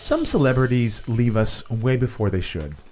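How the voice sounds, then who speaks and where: A man's voice: mid-range voice, big pitch swings, moderate pace, music in the background. A man from the United States, co-hosting a podcast and interviewing a guest in an upbeat, playful way. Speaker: podcast co-host. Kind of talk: scripted podcast intro and interview.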